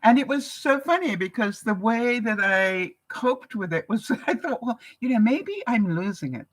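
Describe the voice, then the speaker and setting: A woman's voice: on the high side, sing-song, measured pace, low-quality recording. An older woman from Canada, hosting a live vlog broadcast and chatting casually with viewers, laughing often. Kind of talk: casual advice chat to viewers.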